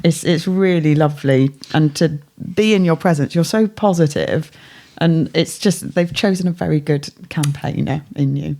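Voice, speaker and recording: English woman, podcast guest, gravelly edge, gentle admiring talk. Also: low-pitched, normal speed. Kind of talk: casual chat.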